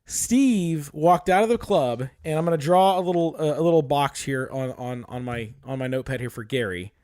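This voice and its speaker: A man co-hosting a podcast, telling a long story in a casual, animated way with plenty of swearing. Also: fairly high pitch, normal speed. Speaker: podcast co-host. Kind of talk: casual chat.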